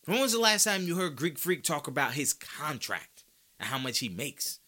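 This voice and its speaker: Bright, animated sports podcast man. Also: on the high side, moderate pace. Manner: opinionated, animated ranting with rhetorical questions; casual slangy speech. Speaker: podcast host.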